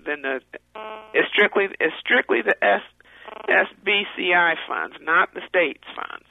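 A man calling in with a question, halting and full of fillers and restarts. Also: sits high, creaky, dry recording. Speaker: caller asking questions. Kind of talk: conference call question. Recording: tinny phone line.

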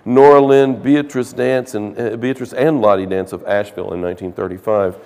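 Deep-voiced man lecturing in a reverberant room. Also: fairly quick, a little mellow, clear, resonant tone. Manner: dramatic, emphatic reading of quoted passages. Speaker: literature teacher. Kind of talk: classroom lecture. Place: classroom.

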